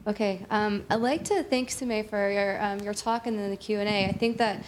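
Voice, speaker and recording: A woman moderating a question-and-answer session, halting with many "um"s. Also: medium pitch, steady tone, slight background noise.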